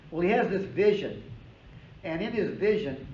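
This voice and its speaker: A man's voice: high-pitched, lively intonation, moderate pace. A male history professor giving a classroom lecture, telling the story with energy and emphasis and dropping casual asides. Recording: roomy, dull lecture recording with faint noise.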